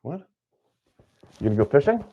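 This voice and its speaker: A man's voice: on the high side, normal speed, highs cut off. Guy hosting a hunting stream, voice jumps all over, jokey and teasing, just chatting. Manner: animated, playful teasing. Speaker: hunting channel host. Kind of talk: casual livestream chat. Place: small farmhouse at Christmas.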